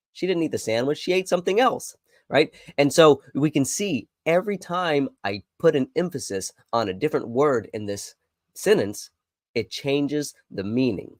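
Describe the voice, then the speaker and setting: An earnest man at a middle pitch delivers a short devotional podcast. He encourages his listeners and leans hard on the words he wants them to notice. His voice is close to the mic in a dry room. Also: lively intonation, moderate pace, dry recording. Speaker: podcast host.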